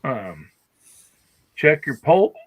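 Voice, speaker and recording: A man hosting a live podcast in a relaxed, chatty way, laughing often and talking through a bout of hiccups. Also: a little high, drawn-out words, phone-quality sound. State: has the hiccups. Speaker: podcast host. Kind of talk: casual livestream chat.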